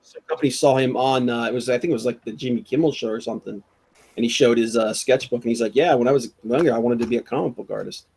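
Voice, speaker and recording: A laid-back man hosts a casual podcast chat, laughing and calling people dude and man. His voice is husky and sits at a middle pitch. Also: fast talker, a little mellow.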